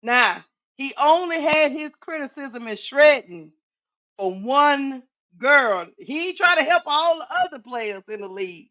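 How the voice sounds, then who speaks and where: Female co-host, slow and mocking, lo-fi sound. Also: high-pitched, animated, bright, forceful tone. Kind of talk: casual panel talk. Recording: dull lo-fi sound.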